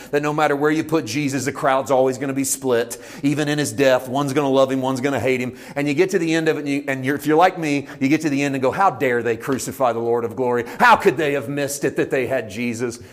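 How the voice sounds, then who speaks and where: A man preaching a conversational sermon, animated, swinging between loud excited bursts and quiet low asides.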